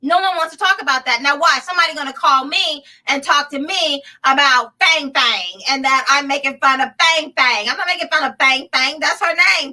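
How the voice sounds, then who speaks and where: A woman's voice: sits high, normal speed, hardly any pauses, bright, forceful tone, recorded from a distance, poor audio. A woman hosting a political commentary show, sarcastic and laughing often as she reads headlines aloud. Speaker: show host.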